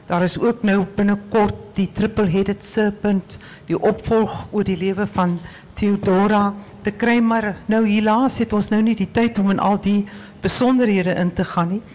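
A woman's voice: mid-range voice, a little mellow, rough recording. A woman interviewing a novelist, asking thoughtful, appreciative questions about her work. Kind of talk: literary interview.

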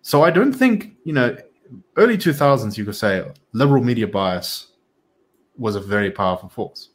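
A man's voice: mid-range voice, very animated, moderate pace. A man hosting a casual political chat, talking in a rambling, opinionated way with many restarts.

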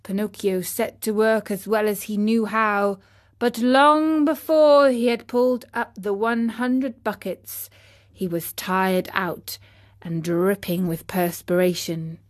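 Woman narrator, storybook reading, unhurried and gentle. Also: mid-range voice. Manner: gentle, slow, expressive.

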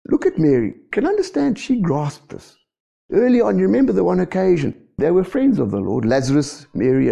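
A male pastor preaching a sermon in an animated way, often asking the congregation rhetorical questions. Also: on the high side, vocal fry, slightly rough.

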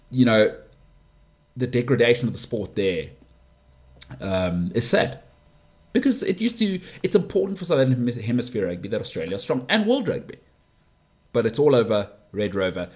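Rambling man hosting a podcast. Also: normal speed. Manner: animated, rambling, with big swings in pitch. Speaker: podcast host. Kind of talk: casual opinionated sports monologue.

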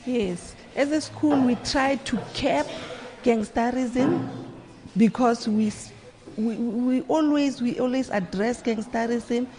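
A woman's voice: on the high side, slow, a little mellow. A woman teacher answering earnestly on a panel, repeating words to stress her points. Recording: reverberant room with faint noise.

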